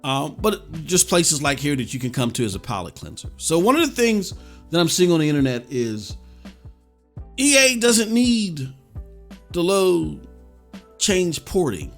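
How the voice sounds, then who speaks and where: A man co-hosting a casual podcast chat, telling stories with lots of animation and swinging between loud bursts and quiet asides. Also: high-pitched, big pitch swings, measured pace, pauses often, faint music behind. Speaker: podcast co-host.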